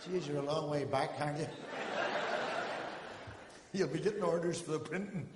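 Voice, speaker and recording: An older man doing a stand-up comedy routine on a live stage, telling jokes in quick patter and quoting the people in his stories. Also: on the high side, a loud crowd, heavy background noise. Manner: joke-telling with character quotes, rapid patter. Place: live theatre stage with audience. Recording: echoey hall recording, faint ambience.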